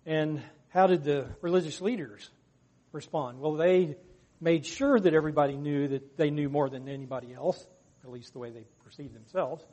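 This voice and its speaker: A man's voice: a little high, normal speed, dark tone. A man leading a Bible study discussion, talking earnestly and raising his voice to act out quoted lines. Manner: earnest, acts out quotes with raised voice. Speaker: discussion leader.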